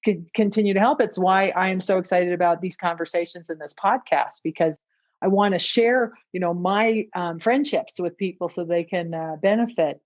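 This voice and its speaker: A woman's voice: lowish voice, moderate pace. Reflective woman podcast host, dull sound. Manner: reflective, laughs often. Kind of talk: conversational interview.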